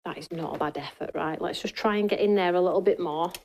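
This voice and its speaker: A woman's voice: on the low side, quick pace, darkish tone, slight background noise. Chatty woman hosting a craft demo. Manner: chatty, talks to viewers and reads their comments. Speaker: craft show host. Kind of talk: live craft demonstration. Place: craft studio indoors.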